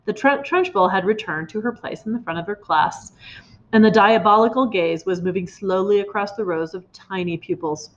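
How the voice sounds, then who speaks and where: A woman reading a children's storybook aloud in an expressive way, in a slightly muffled recording. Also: mid-range voice, moderate pace. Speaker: reader.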